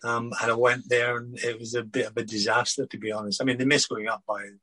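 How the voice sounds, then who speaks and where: An older man, a former footballer, telling anecdotes in a relaxed interview with many restarts and fillers. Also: medium pitch, fast talker, no echo, rough recording.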